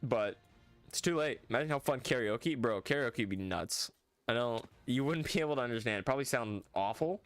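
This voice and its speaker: A streamer chatting casually while playing, rambling in a relaxed way with lots of restarts. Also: mid-range voice, brisk, no echo, soft background music. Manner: rambling and laid-back, lots of restarts and laughs. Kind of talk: casual livestream chat while gaming.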